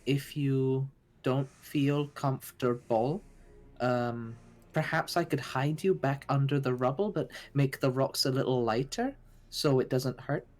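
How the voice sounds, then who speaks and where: A woman playing a tabletop game, speaking in character in a gentle, reassuring way with many fillers. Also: a bass voice, unhurried, soft background music. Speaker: player. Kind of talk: in-character tabletop role-play.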